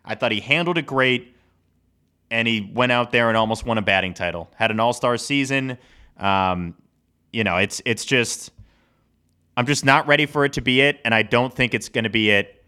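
Bright-voiced man in rambling sports chat. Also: mid-range voice, moderate pace, clear, resonant tone. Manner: rambling, animated, laughs often. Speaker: podcast co-host.

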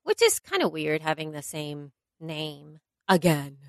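A woman's voice: deep voice, very animated, a little slow, dry recording, studio quality. A woman co-hosting a podcast in casual chat, talking hesitantly with frequent restarts. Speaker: podcast co-host.

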